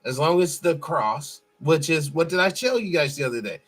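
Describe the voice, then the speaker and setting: A man's voice: a little high, expressive, moderate pace, breathy edge. Blunt, mocking male commentary host. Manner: blunt, profane, mocking, preachy. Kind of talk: reaction commentary over a played clip.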